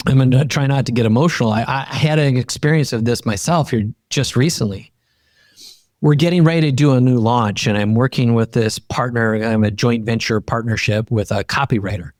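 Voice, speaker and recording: A middle-aged man, a podcast guest and coach, telling personal stories in an emphatic, animated way that climbs high in pitch when he gets fired up. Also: a little fast, no echo, studio quality. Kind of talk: animated personal storytelling in conversation.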